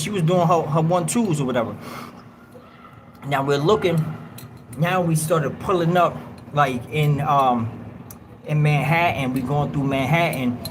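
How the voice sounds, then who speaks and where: A man's voice: a little high, noisy background. A man hosting a livestream, telling a long story in casual street slang and acting out other people's lines. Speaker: livestream host.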